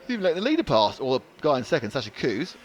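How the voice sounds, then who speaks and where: A man's voice: medium pitch, huge pitch swings, rapid-fire. A man doing live race commentary, chatty and joking with his co-commentator. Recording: light background noise.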